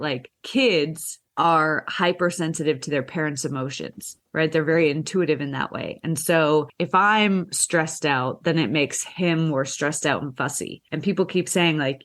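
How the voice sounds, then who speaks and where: A young woman, a podcast guest, explaining things in an earnest, conversational way and acting out people's inner voices. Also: sits low.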